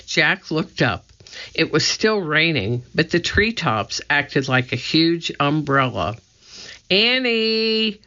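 A narrator reading a children's chapter book aloud in a steady, clear storytelling manner. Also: mid-range voice, takes it slowly, lo-fi sound. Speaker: audiobook narrator.

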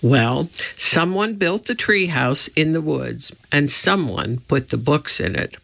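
A man voicing a bold, eager little girl in a storybook reading, raising his voice higher for her. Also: animated, takes it slowly, gravelly, pushed and bright, muffled recording, heavily acted.

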